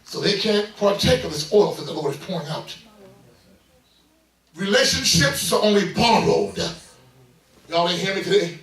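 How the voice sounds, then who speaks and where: A middle-aged man preaching a sermon as pastor, building into loud bursts and calling out to the congregation. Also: sits high, animated, normal speed. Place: church sanctuary. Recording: echoey church from far off.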